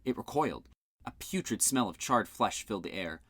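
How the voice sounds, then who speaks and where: Male narrator, fan audiobook reading, lively swooping pitch, dry close sound. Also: normal speed, slightly rough, no echo. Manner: expressive, voices the characters with shouts and big pitch jumps. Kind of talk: fan-made audiobook reading with character voices.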